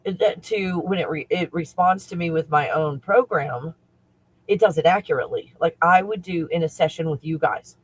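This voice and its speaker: A man who works as a spiritual coach talks casually on a livestream, excitable and rambling, often breaking into laughter. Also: a little high, normal speed, husky, low-quality recording.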